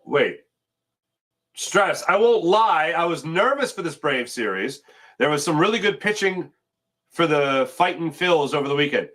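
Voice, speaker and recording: A male sports-talk host on a live morning stream, reading out viewer comments in a loose, conversational way. His voice sits a bit high and moves around a lot, rising and falling as he reacts. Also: measured pace. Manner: animated, chatty, reads sponsor spots and viewer comments.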